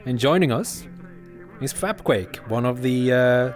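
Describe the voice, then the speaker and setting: A man's voice: medium pitch, expressive, a little slow, soft background music. A man hosting a game tournament live, chatty and often laughing as he interviews players. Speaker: tournament host. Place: online virtual-reality game session.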